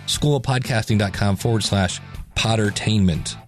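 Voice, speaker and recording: A man's voice: lowish voice, normal speed, music in the background. A man hosting a podcast, talking casually and animatedly with jokes and asides. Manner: animated, chatty, joking. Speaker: podcast host.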